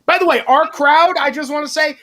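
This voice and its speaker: A man's voice: very high-pitched, brisk, bright, forceful tone. Profane rambling man from New Jersey. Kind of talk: casual podcast chat.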